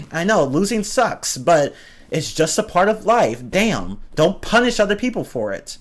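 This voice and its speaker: Unhurried yet sing-song and high-pitched, a male streamer launches into a casual rant about online games. He sounds exasperated, curses frequently, and stumbles over words while restarting sentences.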